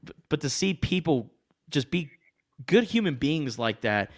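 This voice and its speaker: Animated, joking podcast co-host man. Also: a little high, unhurried. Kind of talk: casual chat.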